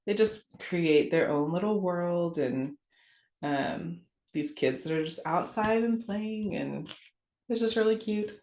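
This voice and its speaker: A woman's voice: on the low side, takes it slowly, a little mellow. A woman in her thirties chatting casually on a podcast about children's books, telling stories and laughing often. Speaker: guest. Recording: echoey room.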